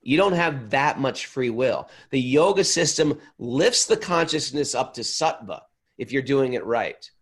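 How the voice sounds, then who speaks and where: A man with a gravelly, slightly husky voice leads a relaxed scripture class. He talks in an animated, joking way and now and then acts out quick little voices. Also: medium pitch. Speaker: spiritual teacher.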